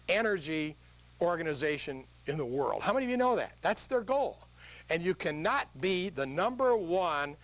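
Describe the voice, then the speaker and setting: An older man giving a humorous motivational talk to a live audience, telling stories and asking the crowd questions. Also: on the high side. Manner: animated storytelling, quizzes the audience with questions. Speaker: motivational speaker.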